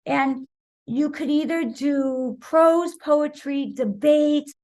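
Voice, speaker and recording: A woman in her sixties from Wisconsin, a guest telling an animated story in an interview and acting out the voices she quotes. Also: sits high, takes it slowly. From Wisconsin, USA. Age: 60s.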